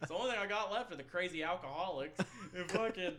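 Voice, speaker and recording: Twenties male podcast host, slightly high-pitched, loose and profane, rambles through stories with frequent laughter. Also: expressive, fast talker, pushed and bright, slight background noise. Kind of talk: casual storytelling chat.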